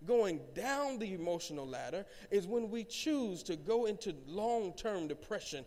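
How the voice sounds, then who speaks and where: A male pastor with a high voice preaches to his congregation. He builds in volume and calls on the people to answer back. His voice rings with the long reverb of a church sanctuary. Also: animated, moderate pace, darkish tone. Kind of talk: sermon.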